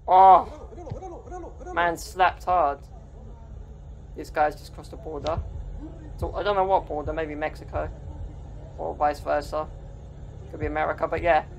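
A man's voice: fairly high pitch, level tone, moderate pace, gravelly, long pauses. A man casually commenting on funny clips in an amused, chatty way. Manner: laid-back, amused, chatty asides. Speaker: video reaction host.

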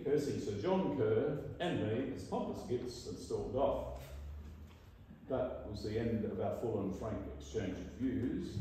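An older Australian man speaks at a meeting and works dry humor into his anecdotes. His voice is mellow and dark, and it is picked up from a distance in a very echoey hall. A faint hiss sits underneath. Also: fairly low pitch. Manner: dry wry storytelling, acts out quoted lines. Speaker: guest speaker at an annual meeting. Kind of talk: prepared address with anecdotes.

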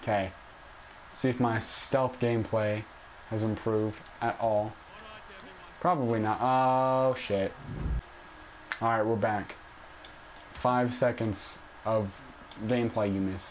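A gaming YouTuber gives casual, self-mocking let's play commentary, yelping in panic when the game goes wrong. His voice is mid-range, with background noise behind it.

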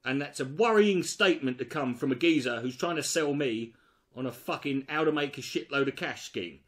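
A man's voice: mid-range voice, animated, normal speed, fairly bright tone. Sarcastic man mocking a video. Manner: mocking, sweary, exasperated. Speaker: commentary host. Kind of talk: sarcastic reaction commentary.

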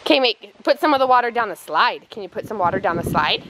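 A young mother chats on a family vlog, playful and sing-song as she talks to her little boy. Her voice sits high and swoops around a lot. It is home video from the house and a breezy backyard, with clear noise behind her. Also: lively intonation, fast. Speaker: vlogger, mother. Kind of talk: casual family vlog chat.

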